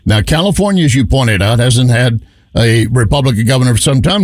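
A man's voice: medium pitch, lively intonation, a little fast, no echo. A man hosting a political talk radio show, asking probing questions and laughing often. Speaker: radio host.

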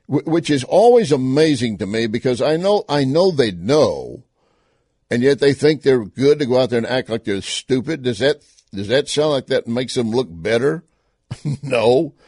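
A man's voice: medium pitch, very animated, measured pace, darkish tone, slightly rough, dry recording. Man, texan accent, scornful commentary, dry close sound. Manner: sarcastic, scornful. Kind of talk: political commentary over clips.

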